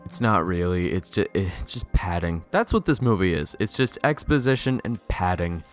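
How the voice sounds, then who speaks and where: A man's voice: low-pitched, very animated, moderate pace, faint music behind. A young man reviewing a movie in a sarcastic, exasperated rant, swearing often. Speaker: video reviewer.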